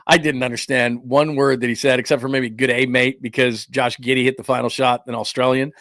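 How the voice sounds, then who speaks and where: A man's voice: mid-range voice, level tone, fairly quick, fairly bright tone, no echo, studio quality. Rambling sports talk host, man. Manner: rambling, self-interrupting, chatty with viewers. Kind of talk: casual sports talk livestream.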